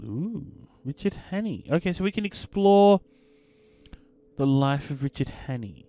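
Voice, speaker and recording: A man's voice: a little high, very animated, a little slow, mellow. A man hosting a let's play, commenting casually and reading game text aloud in a theatrical storytelling way. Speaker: gaming channel host.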